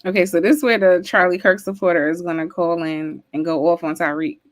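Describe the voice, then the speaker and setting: A woman's voice: lowish voice, fairly even intonation, fairly quick, dry recording, studio quality. A woman streamer chatting casually and with amusement as she reacts to a clip.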